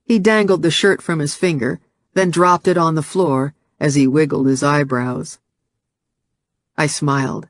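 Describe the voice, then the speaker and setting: A man reading a first-person novel aloud as audiobook narration, in a measured, steady storytelling manner on a close studio mic. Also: on the high side, dry recording.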